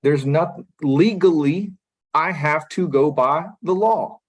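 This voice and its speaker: In a courtroom, a man serving as magistrate judge at a first appearance hearing speaks firmly but patiently, repeating himself to keep the defendant listening. His voice is a little high and slow, and the recording is rough.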